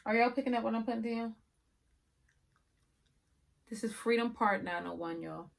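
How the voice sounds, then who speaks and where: A woman casually reviewing a wig for her viewers, chatty and often yelling with excitement. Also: fairly high pitch, normal speed, creaky. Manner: chatty, addresses viewers as y'all.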